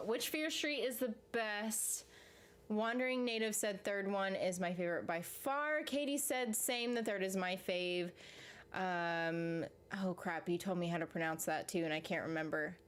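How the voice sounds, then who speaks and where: Slow, chatty, out-of-breath woman streaming. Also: mid-range voice. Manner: chatty, slow and rambling, with frequent fillers and laughs. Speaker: livestream host reading chat. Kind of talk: casual livestream chat. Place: home room.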